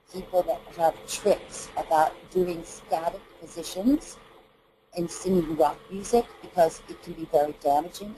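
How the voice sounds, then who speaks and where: Woman from Texas, middle-aged vocal coach, very warm dark tone, lowish voice, earnest and halting. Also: slight background noise, low-quality recording. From Texas, USA. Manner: earnest, hesitant with frequent fillers. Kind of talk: explanatory interview talk.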